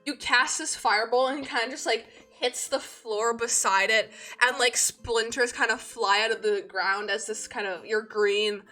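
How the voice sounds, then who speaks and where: A woman's voice: a little high, steady tone, moderate pace, few pauses, pushed and bright, soft background music. A woman narrating as game master of a tabletop game, rambling and full of fillers.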